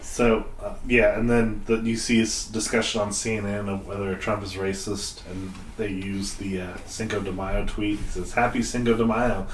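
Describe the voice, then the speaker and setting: A man's voice: fairly low pitch, flat delivery, moderate pace, few pauses. A man running a tabletop game as game master, reading quotes aloud and steering the table back on track. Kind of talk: casual tabletop game chat. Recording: echoey room, faint noise.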